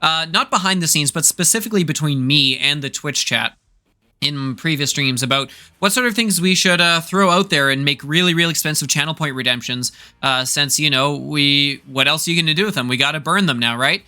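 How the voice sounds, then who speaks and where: Male esports caster, slightly high, very bright tone, joking banter. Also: a little fast. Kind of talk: casual esports commentary.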